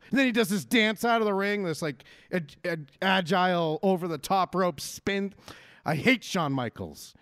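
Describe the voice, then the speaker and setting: A man talks over wrestling in a lively, swinging voice that sits a little high for a man. He rants hard and swears freely. The sound is dry and close, with no room to it. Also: a little slow, no room sound. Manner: animated ranting, swears freely. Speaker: podcast co-host. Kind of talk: casual wrestling chat.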